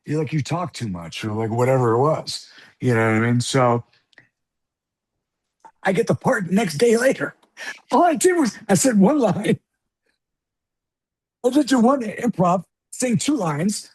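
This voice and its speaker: A middle-aged man from the South Bronx telling an animated, profane story as an interview guest, acting out the people in it. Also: sits high, a little slow, long pauses, husky. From South Bronx, New York. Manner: animated, profane, acts out voices in anecdotes. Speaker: guest actor.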